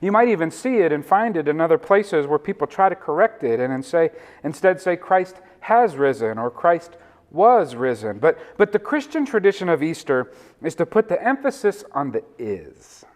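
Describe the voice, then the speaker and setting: A male pastor delivers a sermon in a fairly high voice. He chuckles between phrases and leans on single words for stress. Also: sing-song, fairly quick. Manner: warm, laughs often, stresses words.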